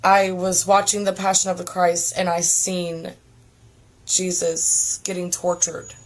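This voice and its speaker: A woman sharing an emotional personal testimony, earnest and halting, often close to tears. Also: fairly low pitch, monotone. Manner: earnest, halting, many restarts and fillers. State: tearful, on the verge of crying. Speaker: testimony giver.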